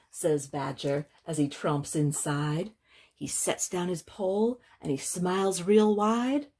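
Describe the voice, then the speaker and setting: A woman librarian reading a picture book aloud for children, slow and gentle, pausing to explain words. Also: fairly low pitch.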